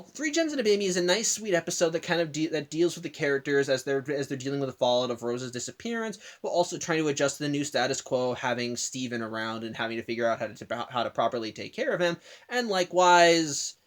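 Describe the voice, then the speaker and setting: A man's voice: on the high side, expressive. A man giving a casual spoken review who keeps stopping and correcting himself mid-sentence, recorded in an indoor room. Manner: rambling with frequent self-corrections; acts out the characters' lines in quick bursts. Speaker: video reviewer. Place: indoor room by a curtained window.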